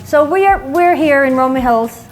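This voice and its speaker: A woman from New York, a chef hosting a cooking segment in a home kitchen, telling a story in a chatty, animated way. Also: high voice, normal speed, faint music behind. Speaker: chef and cooking show host. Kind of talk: casual storytelling chat.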